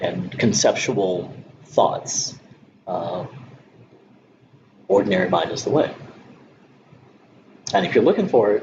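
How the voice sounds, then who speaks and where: A man giving a Zen dharma talk, speaking in a halting way with many pauses and soft laughs. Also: fairly low pitch. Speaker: Zen teacher. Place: meditation hall. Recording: dull lo-fi recording with background noise.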